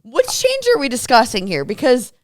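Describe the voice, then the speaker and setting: A woman's voice: sits high, moderate pace, no room sound. A young woman co-hosting a casual live stream from a hotel room, telling stories and acting out the dialogue as she goes. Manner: animated storyteller acting out quoted dialogue. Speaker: co-host.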